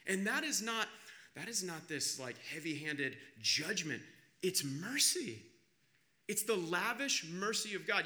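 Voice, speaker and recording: A man preaching a sermon as pastor, emphatic, moving between loud urgency and hushed appeals. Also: on the high side, very animated, normal speed.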